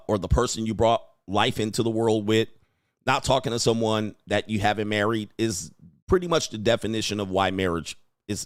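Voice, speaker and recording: A man's voice: on the low side, no echo, studio quality. A man hosting a livestream commentary show, talking bluntly and emphatically and repeating his points for weight. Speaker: host.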